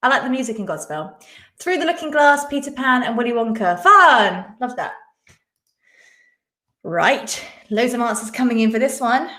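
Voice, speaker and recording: Young woman, quiz host on a live stream, bubbly casual chat, slightly high voice, roomy echo. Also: expressive, normal speed, pushed and bright. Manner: chatty, giggly, reads comments aloud.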